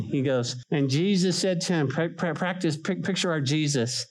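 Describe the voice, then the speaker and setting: Middle-aged pastor guy preaching, kinda high voice, lively, acts out voices. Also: moderate pace, few pauses. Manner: animated, acts out quoted voices, repeats words when starting. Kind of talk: sermon.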